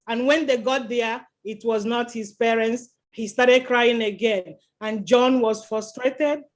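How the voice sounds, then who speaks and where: A woman tells a story to children at chapel. She keeps the telling lively and stops again and again to ask the children what comes next. The feel is warm and friendly, like a storyteller talking with her young listeners. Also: sits high. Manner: lively, quizzes the children with questions.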